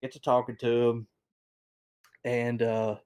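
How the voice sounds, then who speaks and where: A man, telling a rambling story on a casual podcast, chuckling as he goes and getting animated when he quotes other people. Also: medium pitch, slow pace, clear, resonant tone.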